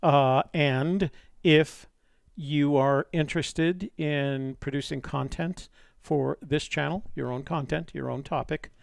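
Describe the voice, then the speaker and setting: A man's voice: on the high side, steady tone, takes it slowly, creaky, dry recording. A man hosting a live-streamed call-in show, talking in a chatty, rambling way with many fillers. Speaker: host.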